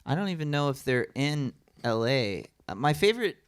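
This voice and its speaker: A man's voice: mid-range voice, normal speed, smooth. A man in his thirties from the American South, telling stories as a comedian guest at a live podcast, acting out voices and laughing often. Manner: animated storyteller, acts out voices, laughing a lot. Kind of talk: casual storytelling chat.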